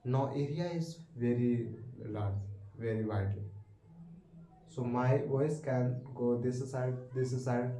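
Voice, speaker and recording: A man with an Indian English accent teaching a physics lesson, halting and repetitive, asking the class questions. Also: medium pitch, dark tone. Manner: halting, repeats words and restarts, asks questions. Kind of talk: classroom lecture. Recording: echoey room with faint background hiss.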